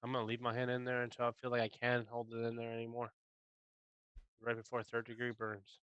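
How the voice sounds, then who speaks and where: A man's voice: medium pitch, completely flat delivery, brisk, a bit bright, smooth, no echo, lo-fi sound. A man playing a tabletop game, stubborn and insistent. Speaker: player.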